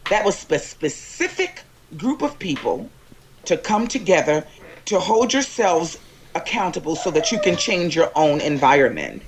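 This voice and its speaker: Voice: medium pitch, very animated, moderate pace. Emphatic panelist over faint noise. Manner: forceful, profane, emphatic. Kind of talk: heated political panel chat. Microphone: remote call-in to live panel.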